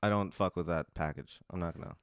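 A man's voice: low voice, clean tone, no echo, studio quality. A man in casual chat, reacting with disbelief and laughter and firing back questions. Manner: incredulous, laughing, quick questions. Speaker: podcast co-host answering the hypothetical.

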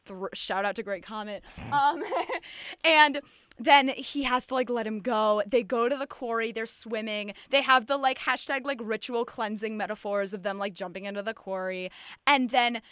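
A woman hosting a casual chat, retelling a film plot in an animated way and acting out the quotes. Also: fairly high pitch, normal speed, smooth, dry recording, studio quality. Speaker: podcast host.

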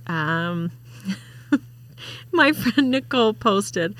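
A woman's voice: mid-range voice, a little slow, pauses often, a bit bright, no echo. A woman co-hosting a podcast in casual chat, reading out listener comments and laughing along. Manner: chatty, reads out comments with laughs. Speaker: podcast co-host.

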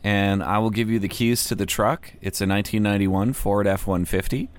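A man hosting a prank phone call, staying calm and deadpan with mock earnest questions. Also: on the low side, brisk. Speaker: prank caller host.

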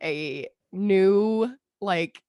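A woman's voice: mid-range voice, very slow, no room sound, highs cut off. A woman co-hosting a podcast in casual chat, sounding groggy from a strained throat, telling stories with lots of fillers and laughs. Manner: chatty storyteller, laughs often, many fillers. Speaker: podcast co-host.

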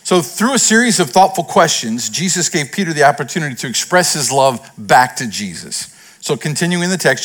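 A man, a pastor, preaching a sermon, swinging between raised, emphatic lines and hushed retellings. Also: a little high.

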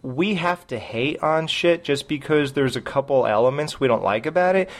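A man's voice: medium pitch, normal speed, few pauses. A man co-hosting a podcast, ranting in a profane, sarcastic way in casual chat. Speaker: podcast co-host.

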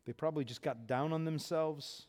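Animated man preaching in a reverberant hall. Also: on the high side, moderate pace. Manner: animated, acts out Jesus and disciples. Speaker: pastor. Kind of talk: sermon.

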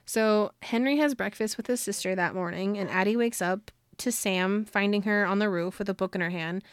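A woman's voice: medium pitch, moderate pace, smooth. A woman co-hosting a book podcast, chatting casually and animatedly as she retells scenes and acts out the characters' lines. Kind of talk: casual chat.

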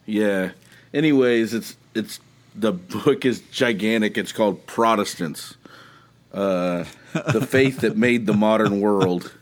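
A man's voice: on the low side, slow pace. A man with a Texas accent, a seminary student co-hosting a podcast in casual chat, rambling and laughing often. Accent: Texan. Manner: chatty, laughs often, trailing asides.

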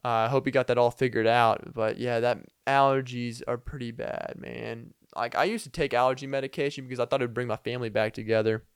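A man's voice: medium pitch, steady tone, brisk, hardly any pauses, clear, resonant tone, no echo, clean studio sound. A young man hosting a podcast, telling a rambling comedic story full of fillers and little laughs. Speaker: podcast host.

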